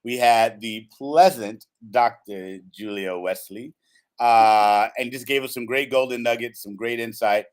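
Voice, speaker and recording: A man's voice: mid-range voice, a little slow. A man hosting a radio talk show, upbeat and playful.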